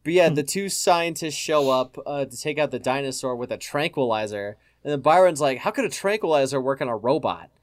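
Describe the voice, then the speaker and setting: A man's voice: mid-range voice, expressive, brisk, few pauses. Rambling, profane man recapping a movie. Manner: rambling, profane, filler-heavy. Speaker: podcast co-host. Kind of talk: casual chat recapping a movie.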